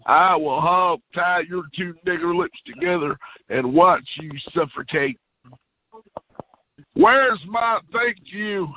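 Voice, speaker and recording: A man's voice: high voice, takes it slowly. A man ranting with hostility in an online voice chat. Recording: tinny phone-like line, faint noise.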